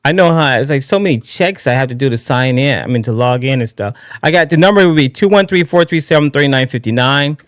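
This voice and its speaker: A man hosting his own live political talk stream in a casual, excitable, rambling way, often restarting his sentences. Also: medium pitch, quick pace, hardly any pauses, smooth, no echo, clean studio sound. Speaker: livestream political show host.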